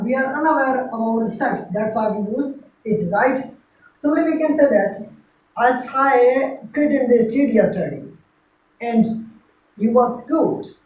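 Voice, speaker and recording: Woman teacher repeating grammar examples, echoey. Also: fairly high pitch. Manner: repeats each example slowly, checks with "right?". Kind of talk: classroom grammar lecture. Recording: echoey room from far, dull lo-fi.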